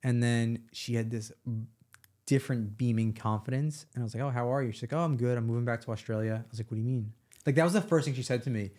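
Guy from new york spinning a story pretty quick, medium pitch. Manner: storytelling, animated retelling. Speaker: guest. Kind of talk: casual chat.

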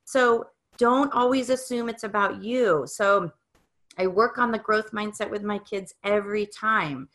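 A woman's voice: mid-range voice, unhurried, a bit bright. A middle-aged woman giving an upbeat, encouraging motivational talk, coaching the listener. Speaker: speaker on growth mindset.

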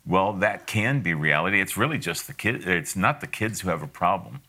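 Low, forceful-voiced man preaching. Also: animated, a little fast. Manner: folksy and direct, with asides and frequent laughs. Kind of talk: conversational sermon on parenting.

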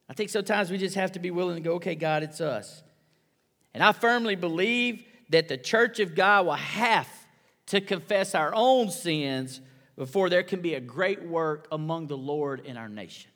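Man, pastor, preaching a sermon, high-pitched, bright, passionate, echoing in a reverberant hall. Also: moderate pace. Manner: impassioned preaching, swinging from hushed to loud. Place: church sanctuary.

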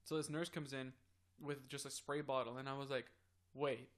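A man's voice: mid-range voice, steady tone, moderate pace. A young man co-hosting a casual podcast chat, rambling through a story and acting out what everyone said. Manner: rambling storyteller, acts out quoted dialogue. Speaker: podcast co-host.

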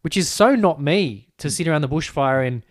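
A young adult man with an Australian accent, co-hosting a podcast in rambling, animated casual chat full of fillers. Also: a little high, fairly quick, no echo, clean studio sound. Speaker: podcast co-host.

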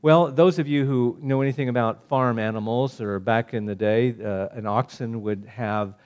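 Preaching at normal speed in a mid-range voice, this man alternates between forceful, booming declarations and quiet, tender appeals.

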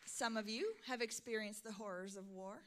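A middle-aged woman pastor preaching a sermon, swinging from soft, intimate lines to loud, emphatic calls. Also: mid-range voice, normal speed, a little hiss or hum.

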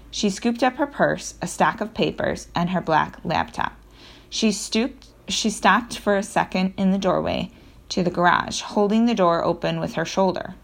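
A woman narrating a children's audiobook in the first person, in a lively storytelling manner with occasional self-corrections. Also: fairly low pitch, normal speed, creaky.

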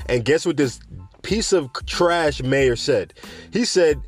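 A man's voice: on the high side, lively intonation, slow pace, soft background music. A young man hosting a podcast, talking casually about the news in a rambling, conversational way with asides. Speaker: podcast host.

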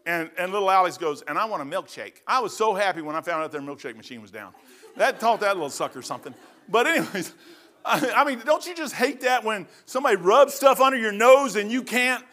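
An older man, a pastor telling folksy stories in a sermon, rambling and swinging from loud to hushed. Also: high-pitched, lively intonation, brisk. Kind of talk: storytelling sermon.

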